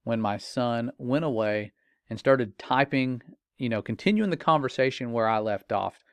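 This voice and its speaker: A man's voice: mid-range voice, normal speed, clear, resonant tone, no echo. A middle-aged father telling a personal story in an earnest, warning tone, with casual fillers. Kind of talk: earnest personal testimony monologue.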